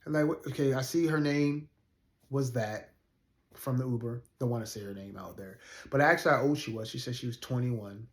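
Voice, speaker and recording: A man's voice: mid-range voice, a little fast. A man in his forties, a rideshare driver, telling a personal story in a casual, earnest way, with many fillers and restarts. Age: 40s. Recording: roomy echo.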